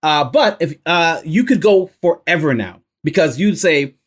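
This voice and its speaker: A man's voice: on the high side, animated, measured pace. Upbeat man coaching rhymes with fillers. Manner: upbeat, laughs often, many fillers. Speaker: rhyming coach. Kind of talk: casual coaching session.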